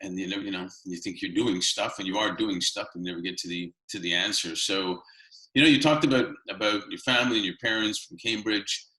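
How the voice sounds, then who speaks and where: A man's voice: on the low side, fairly quick, pushed and bright. Chatty man interviewer, echoey room. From Canada. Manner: rambling, chatty, frequent fillers. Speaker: interview host. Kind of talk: casual interview.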